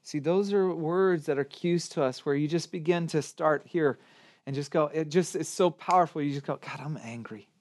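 A man with a high-pitched voice delivers a sermon as a pastor. He talks in an animated way, leaning on rhetorical questions and punching key words with strong emphasis. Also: moderate pace.

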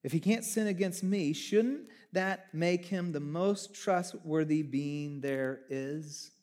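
A man preaching a sermon as pastor, animated, swinging from hushed lines to near shouting. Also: a little high, takes it slowly.

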